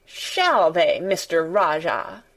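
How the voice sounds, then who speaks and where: A woman voicing a stubborn, fierce-tempered young girl who speaks in a sharp, obstinate and blunt way. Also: medium pitch, lively intonation, a little slow, natural voice. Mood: defiant.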